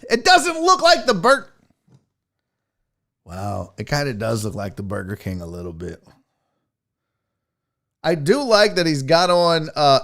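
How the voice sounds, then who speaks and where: A man's voice: on the high side, fairly bright tone. A man hosting a sports talk livestream, chatting casually and profanely while teasing his chat. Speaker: sports show host.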